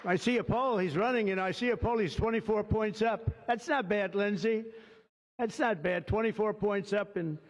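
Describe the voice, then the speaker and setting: A man's voice: high-pitched, moderate pace. Man rambling through a ceremonial speech. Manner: rambling, digressive, heavy on superlatives. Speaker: political leader giving a speech. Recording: dull lo-fi sound with long hall reverb.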